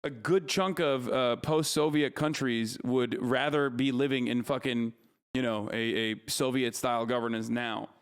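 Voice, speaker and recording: A man's voice: mid-range voice, fairly even intonation, a little slow, clear, resonant tone. A man in his thirties ranting profanely and mockingly as a livestream streamer reacting to content.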